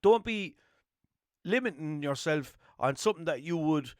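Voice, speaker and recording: A man's voice: a little high, lively intonation, normal speed, no echo, clean studio sound. A young man from Limerick with an Irish accent, talking in a rambling, swearing, self-mocking way as a podcast host. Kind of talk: casual solo monologue.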